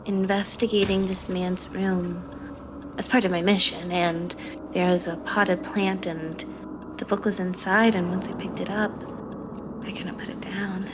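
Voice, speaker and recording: A woman's voice: fairly low pitch, little pitch movement, measured pace, background noise. A woman playing a tabletop horror game, talking casually and thinking aloud. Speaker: player.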